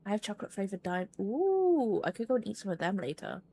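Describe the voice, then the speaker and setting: A woman's voice: medium pitch, animated, racing, vocal fry, a little mellow. A woman streaming a puzzle game, chatting casually and poking fun at herself as she plays. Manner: chatty, self-deprecating, rambling with fillers. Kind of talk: casual gameplay commentary.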